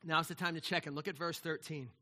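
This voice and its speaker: A man's voice: a little high, fairly even intonation, fast, pushed and bright. A middle-aged man preaching a sermon in a conversational way, often restarting and asking "right?". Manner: conversational preaching, many repeated words and restarts, asks "right?". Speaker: pastor.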